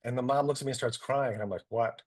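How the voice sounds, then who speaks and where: Animated storytelling man. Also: medium pitch, racing. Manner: animated anecdotes, acting out quotes. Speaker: guest doctor. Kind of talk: storytelling in a talk.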